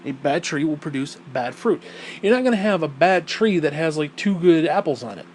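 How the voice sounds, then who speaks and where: A man's voice: on the high side, moderate pace, a little hiss or hum, rough recording. Profane, emphatic man ranting. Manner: blunt and profane, emphatic swearing; animated, voice rising when indignant. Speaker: podcast host. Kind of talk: casual opinion monologue.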